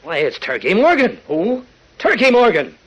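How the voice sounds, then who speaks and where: A jittery, high-voiced police inspector. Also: male voice, huge pitch swings, moderate pace, a bit bright, husky, full character voice. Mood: eager. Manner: jittery, eager. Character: nervous, eager male police inspector. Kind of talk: 1940s radio acting. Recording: old radio broadcast.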